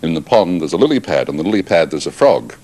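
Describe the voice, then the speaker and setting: A man with a very low voice tells chicken jokes on a morning TV show. His pitch rises and falls freely as he spins the story. His manner is playful and easygoing. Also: fast talker. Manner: jokey storyteller, lively delivery. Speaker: guest and event emcee. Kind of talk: casual TV chat.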